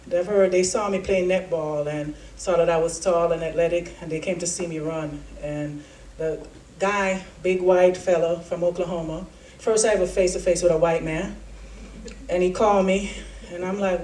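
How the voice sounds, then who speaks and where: A woman, giving a motivational keynote speech and telling her story in an animated way. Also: lowish voice, normal speed, slight background noise. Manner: animated storytelling, acts out quotes. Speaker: keynote speaker. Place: large event hall. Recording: echoey hall, voice from far off.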